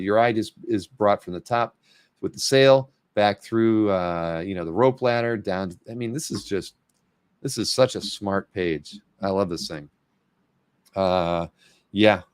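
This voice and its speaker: A man's voice: lowish voice, dry recording, clean studio sound. A man hosting a casual livestream, rambling and correcting himself as he talks, laughing often, saying he is losing his voice. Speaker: show host.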